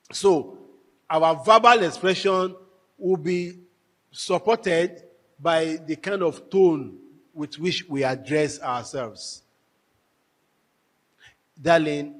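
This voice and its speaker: A man with a high voice lectures a marriage workshop, telling stories and driving his points home by repeating them. His voice rings through a large hall with a long, trailing echo. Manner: animated storyteller, emphatic repetition. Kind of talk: lecture to a live audience. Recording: echoey hall with long reverb.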